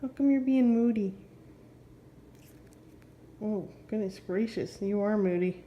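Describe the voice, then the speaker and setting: A woman at home talking to her pet bird, gently scolding and teasing it. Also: mid-range voice, takes it slowly, lo-fi sound. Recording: loud background noise.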